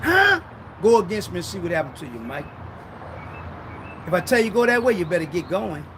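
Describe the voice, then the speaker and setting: A man preaching drops his voice to play God as a stern, commanding male figure. The tone sits well below his own, slow and warning. Each line lands as a rebuke to a servant who went against orders. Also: high-pitched, sing-song, fairly bright tone, a little hiss or hum, pitched below the performer's own voice. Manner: scolding, warning.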